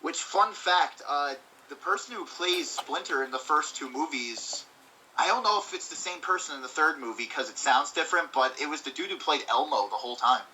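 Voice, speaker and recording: A man's voice: fairly high pitch, lively intonation, moderate pace, bright, forceful tone, far from the mic, poor audio. A man co-hosting a casual movie-review chat, swearing freely and acting out quotes. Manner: swears freely, acts out quotes in funny voices. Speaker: co-host.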